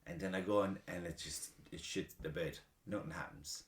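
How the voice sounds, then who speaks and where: This male podcast host speaks low and at a moderate pace, keeping things loose and casual. He swears a lot, mocks himself with plenty of energy, and breaks into frequent laughter, all captured with a roomy echo.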